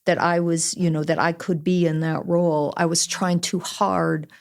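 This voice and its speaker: A woman guest with a low, gravelly voice, speaking in a measured and reflective way. She thinks aloud and sometimes restarts a phrase. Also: flat delivery. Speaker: guest, team executive. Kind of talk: casual interview chat.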